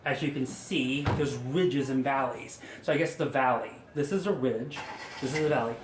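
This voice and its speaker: A man's voice: medium pitch, moderate pace, background noise. Chatty male hairstylist coaching a tutorial. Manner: chatty, coaxing, self-mocking asides. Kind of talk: hair styling tutorial. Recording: echoey room with faint ambience.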